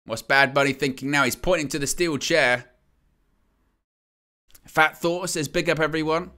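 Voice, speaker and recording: This man, hosting a live wrestling watch-along, calls the action in a clean, slightly high voice at a normal speed. His play-by-play is excitable and full of jokes and laughter.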